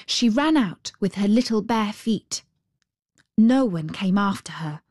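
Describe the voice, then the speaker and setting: A woman reading a fairy tale aloud in a gentle, unhurried and expressive way. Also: mid-range voice, no room sound, clean studio sound. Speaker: storyteller.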